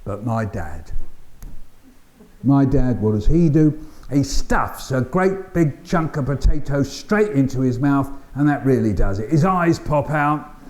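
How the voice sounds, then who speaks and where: An older man with a London accent, giving a keynote talk as an animated storyteller who acts out voices and sounds with dry humour. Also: medium pitch, measured pace, hardly any pauses. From England. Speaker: keynote speaker. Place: conference hall.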